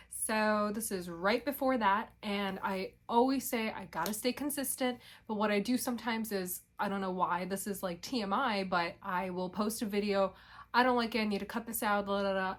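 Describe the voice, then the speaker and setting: A young woman talking straight to her audience in a loose, rambling vlog. She keeps breaking off her own thoughts and swears in passing. Her pitch sits in the middle for a woman. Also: a bit bright. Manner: rambling, self-interrupting, swears casually. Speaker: vlogger. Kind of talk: casual chat.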